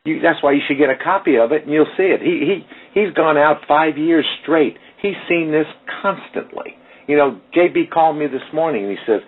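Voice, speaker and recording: A man's voice: on the high side, lively intonation, brisk, slightly rough. A man hosting a radio talk show, speaking emphatically and addressing listeners directly. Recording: tinny phone-line radio audio.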